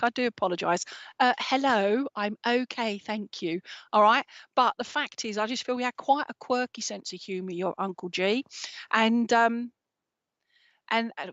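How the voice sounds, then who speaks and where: Woman, psychic medium, chatty, keeps checking in, fairly high voice, dull lo-fi sound. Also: fairly bright tone, no echo. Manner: chatty, checks in with "all right?" after nearly every phrase. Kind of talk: live mediumship reading. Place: at home. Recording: dull lo-fi stream audio.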